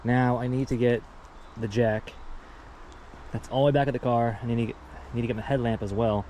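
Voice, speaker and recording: A man's voice: mid-range voice, little pitch movement, brisk, dark tone, slight background noise. A man casually narrating a vlog while hiking through an outdoor junkyard, out of breath, chatty and rambling as he goes. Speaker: vlogger.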